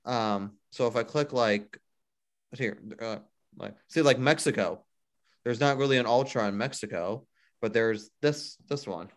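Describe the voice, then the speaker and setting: A man's voice: medium pitch, unhurried. A man co-hosting a casual music news chat, rambling and filling with "like" a lot. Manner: rambling, heavy use of "like". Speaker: podcast co-host.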